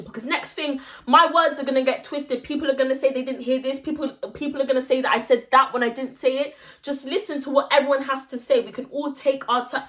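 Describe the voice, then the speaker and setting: A young woman, telling a story-time vlog in an animated, slangy way and acting out the voices of the people in it. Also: high-pitched, brisk, hardly any pauses. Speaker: vlogger.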